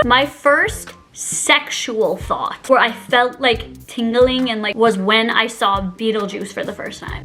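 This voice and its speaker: Young woman, high bright voice, giggly, chatty storytime vlog, lots of "like". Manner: giggly, heavy use of "like", chatty. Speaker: YouTuber.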